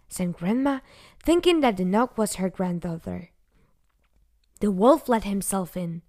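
Slow, gentle woman reading a fairy tale. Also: mid-range voice, expressive. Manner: gentle, unhurried, dips into whispers. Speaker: storyteller. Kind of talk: storybook narration.

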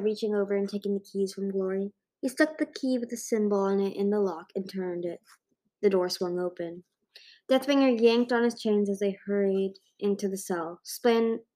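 A woman reading a fantasy novel aloud, expressive, with occasional stumbles and restarts. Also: mid-range voice. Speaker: amateur audiobook reader. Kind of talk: storybook reading.

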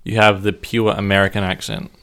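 A man co-hosting a podcast, asking curious questions and laughing easily in a casual chat. His voice sits fairly low. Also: flat delivery, brisk, pushed and bright, clean tone. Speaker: podcast co-host.

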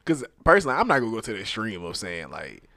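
A man's voice: on the low side, huge pitch swings, quick pace, vocal fry, bright, forceful tone, no room sound, studio quality. A young man in casual chat who plays devil's advocate with playful, provoking questions.

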